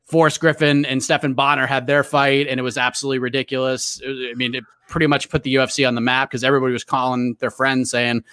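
A man's voice: medium pitch, little pitch movement, fast talker, few pauses, pushed and bright, smooth. Chatty man with a Boston accent. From New England, US. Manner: chatty storyteller, lots of fillers and restarts. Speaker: guest, MMA reporter. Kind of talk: casual podcast interview.

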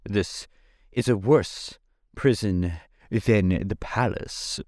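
A man voicing a learned insect gentleman, speaking in a slow, drawn-out sorrowful way. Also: fairly low pitch, lively intonation, dry recording, studio quality. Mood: gloomy.

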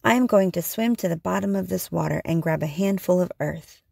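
A woman voicing a wise male spirit hero who speaks calmly and steadily to the animals in a storybook reading. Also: lowish voice, a little fast, vocal fry, dry recording, studio quality.

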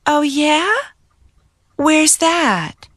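An actress playing a mother looking for her things in a textbook listening dialogue, speaking clearly and sounding puzzled. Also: high-pitched, animated, very slow, fairly bright tone, dry recording, clean studio sound, exaggerated voice.

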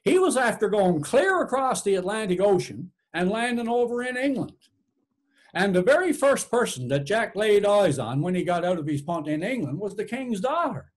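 A man's voice: sits high, big pitch swings, moderate pace. A man with a Newfoundland accent telling a folk tale aloud, folksy and rhythmic, with many repeated tags. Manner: folksy, rhythmic, repeats "she said" and "sure enough". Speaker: storyteller.

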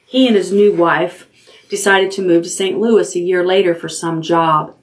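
A woman reading the lines of a kindly, slightly awkward middle-aged aunt in a gentle, earnest voice. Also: fairly low pitch, fairly even intonation, normal speed, distant mic, natural voice.

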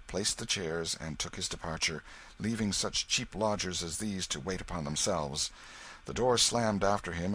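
Male audiobook narrator, measured, bright husky tone. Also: low-pitched, poor audio. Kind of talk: scripted narration.

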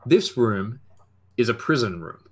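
A man's voice: mid-range voice, lively intonation, a little slow, darkish tone, husky. A man narrating a tabletop horror game as game master, often hesitant and full of fillers.

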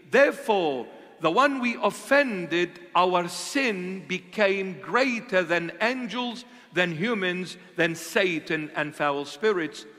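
Slow, high-voiced male preacher. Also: sharp tone. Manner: asks and answers his own rhetorical questions; slow, deliberate emphasis. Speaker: bishop preaching. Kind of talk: sermon. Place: church. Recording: echoey church hall.

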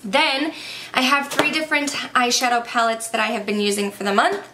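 A woman's voice: a little high, steady tone, brisk, background noise. A young woman chatting casually and enthusiastically through a makeup review, a little out of breath. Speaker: beauty vlogger.

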